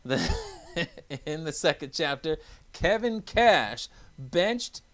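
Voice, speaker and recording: A man's voice: fairly high pitch, sing-song, drawn-out words, a bit bright. A man co-hosting a sports talk podcast, with upbeat, hype announcer energy in casual chat. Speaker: podcast co-host.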